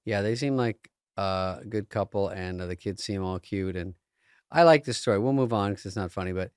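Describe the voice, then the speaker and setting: Man in his forties, podcast co-host, wry and sarcastic, smooth clear voice, dry close mic. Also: on the low side, moderate pace, no echo. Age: 40s. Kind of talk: casual chat.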